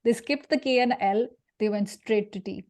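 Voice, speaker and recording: A woman from India leading an interactive career workshop, lively and jokey, putting questions to her audience. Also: fairly high pitch, moderate pace. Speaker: career speaker.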